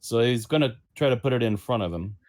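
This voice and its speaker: A man's voice: mid-range voice, lively intonation, fairly quick, a little mellow. A man playing a tabletop game, explaining his actions in casual chat. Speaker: player.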